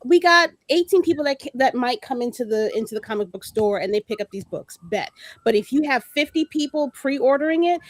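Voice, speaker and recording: A woman's voice: a little high, fairly quick, few pauses, darkish tone, no room sound. A woman guest in a casual group chat, explaining things bluntly and playfully. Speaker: podcast guest.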